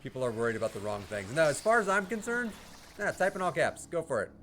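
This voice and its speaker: Male streamer, casual and profane, talking over quiet game music. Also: on the high side, big pitch swings, fast talker. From United States. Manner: profane, heated ranting with laughs. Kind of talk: casual live-stream chat.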